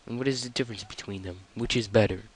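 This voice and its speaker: A man's voice: on the low side, fast talker, husky. A man voicing a grieving young man in a game, speaking in a pleading, anguished way.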